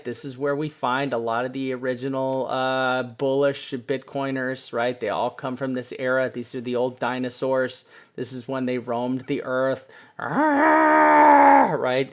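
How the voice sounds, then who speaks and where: A man giving a casual, excitable walkthrough of trading charts as a crypto analyst. He chats to the chart as he goes and throws in casual swears. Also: medium pitch.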